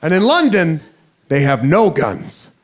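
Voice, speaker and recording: A man's voice: on the high side, huge pitch swings, measured pace. A man doing stand-up storytelling, self-mocking and acting out the scene. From United States. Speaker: stand-up comedian. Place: theater stage before a live audience. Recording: live show with audience laughter and noise.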